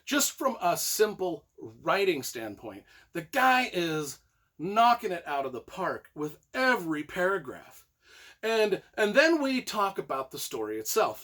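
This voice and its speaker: An excitable man with a high voice reviews books in a casual, rambling way. He piles up repeated phrases and swells into loud, emphatic bursts of enthusiasm. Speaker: book reviewer.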